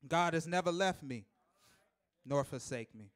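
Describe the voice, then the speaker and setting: A man preaching a live sermon in a church, repeating key lines for emphasis and building to loud, emphatic shouts, with chuckles between points. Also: a little high, animated, measured pace, long pauses. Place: church sanctuary.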